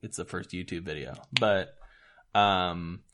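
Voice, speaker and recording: A young man co-hosting a podcast, animated and swearing freely in casual banter. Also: deep voice, a little slow, slight background noise. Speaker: podcast co-host.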